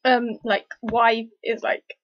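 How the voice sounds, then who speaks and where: Rambling excitable woman, lo-fi. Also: fairly high pitch, takes it slowly, no room sound. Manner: rambling, hesitant, excitable fan with many fillers. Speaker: TV episode reviewer. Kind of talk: casual review vlog. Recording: dull lo-fi, dry recording.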